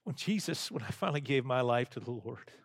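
A man's voice: medium pitch, animated, a little fast, dry recording, clean studio sound. A male pastor preaching a sermon in a conversational way, asking his congregation questions and telling stories.

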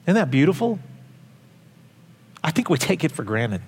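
A man's voice: fairly high pitch, moderate pace, husky. A male pastor delivering an emphatic, conversational sermon in a church hall with long reverb. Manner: animated, emphatic, conversational preaching.

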